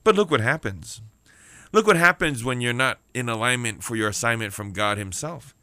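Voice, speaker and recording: A man's voice: medium pitch, normal speed, sharp tone, smooth, no room sound. A man preaching a sermon on the radio, emphatic, repeating key lines and calling out for amens. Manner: emphatic preaching with repeated phrases and call-outs for amen.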